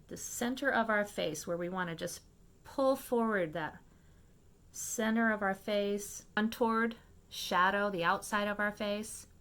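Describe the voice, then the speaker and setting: A woman hosts a makeup lesson in a casual, step-by-step way, talking fast and keeping her viewers with her. Her voice is bright and crisp with a gravelly, fry-tinged texture. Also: mid-range voice. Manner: chatty, fast-paced, checks in with viewers. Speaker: makeup tutorial host.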